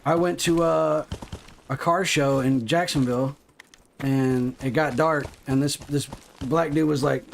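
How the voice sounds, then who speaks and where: A man's voice: on the high side, fairly even intonation, a little slow, vocal fry, a little hiss or hum. A man chatting casually on a gaming livestream, swearing freely and rambling through stories from his life. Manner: profane, rambling storytelling.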